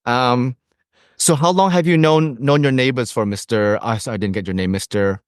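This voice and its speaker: Bumbling field reporter played by a man, stammers through with many uhs, mid-pitched voice. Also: normal speed, clear, resonant tone, dry recording, clean studio sound, close to an everyday voice. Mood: earnest. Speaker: podcast co-host. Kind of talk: improvised comedy sketch.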